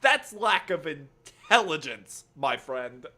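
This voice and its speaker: A man's voice: a little high, slow pace. A young man streaming a game, chatting casually, cursing and laughing often. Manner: profane, excitable, laughs often. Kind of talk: casual gaming stream chat.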